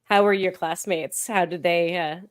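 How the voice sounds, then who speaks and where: A woman's voice: on the low side, fairly even intonation. A woman hosting a podcast interview, asking easygoing follow-up questions in a friendly, chatty manner. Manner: friendly, laughs along, quick follow-up questions. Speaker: podcast host. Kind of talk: casual interview.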